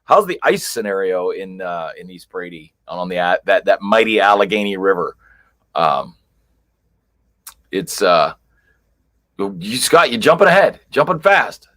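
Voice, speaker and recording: Male livestream host, lowish voice, loose chatty delivery full of fillers. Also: animated, measured pace, long pauses, a bit bright. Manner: rambling, chatty, many fillers. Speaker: livestream host greeting viewers. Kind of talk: casual live chat. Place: chilly basement at home.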